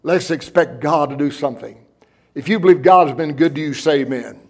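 A man preaching a sermon, telling stories earnestly and with emotion, slowing down for emphasis. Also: fairly high pitch, a little mellow.

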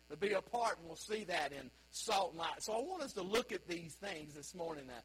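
A man's voice: sits high, fairly bright tone, slightly rough, poor audio. A man preaching a sermon as pastor, emphatic and full of rhetorical questions.

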